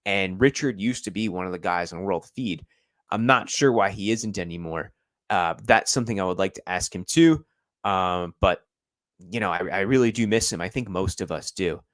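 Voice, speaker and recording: A man's voice: deep voice, normal speed, no room sound. A young man hosting a football stream, chatting casually and rambling with many fillers. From United States. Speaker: football channel host. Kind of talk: casual live-stream chat.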